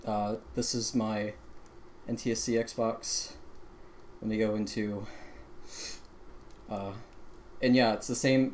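A woman's voice: very deep voice, darkish tone, slight background noise. A woman gamer who swears constantly, tearful and laughing with joy as she talks about her result. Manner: heavy swearing, breathless and laughing through tears. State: crying with joy. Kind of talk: excited casual vlog.

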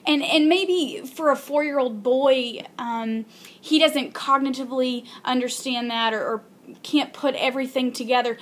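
A young woman in a casual vlog telling a heartfelt faith story, earnest and halting with many ums and restarts. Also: fairly high pitch, a bit bright. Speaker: video blogger.

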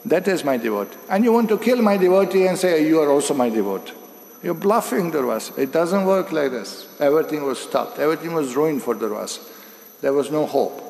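A man's voice: a little high, vocal fry, darkish tone. A man giving a devotional scripture lecture, telling stories and acting out their dialogue with many restarts. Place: temple hall. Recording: echoey hall with long reverb.

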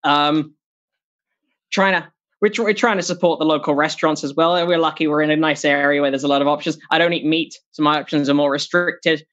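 A stand-up comedian doing a set from home over a video call, lively and quick to mock, dropping into sneering put-on voices. The audio is dull and lo-fi, with a mid-height voice. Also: mid-range voice. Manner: animated, slips into mocking put-on voices; laughs at own jokes.

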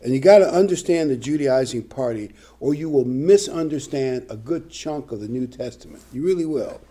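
Older guy preaching, husky and warm, swings his pitch a lot, reads scripture then jokes around. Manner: conversational, animated preaching with asides and light humor. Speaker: pastor. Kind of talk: sermon with scripture reading.

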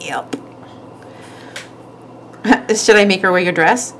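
A woman's voice: mid-range voice, steady tone, slow, fairly bright tone, slight background noise, poor audio. A woman hosting a nail art tutorial, chatting casually and giggling as she works. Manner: chatty, giggly, talks while working.

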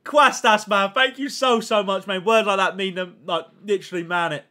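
On his gaming stream, a young man talks to his audience at a moderate pace, his voice sitting high. Excitable and full of slang, he thanks chat nonstop and gets loud whenever packs are opened.

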